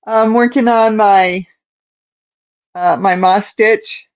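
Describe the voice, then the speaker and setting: A woman's voice: mid-range voice, fairly even intonation, slow pace, dull audio. A woman hosting a casual crochet livestream from home, chatting and answering viewer comments, with a stuffed-up nose. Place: at home in front of a camera.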